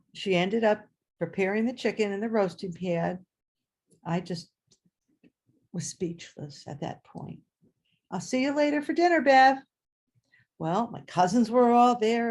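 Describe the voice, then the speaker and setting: A woman telling a personal story live, animated and acting out voices and sounds. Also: on the low side, gravelly.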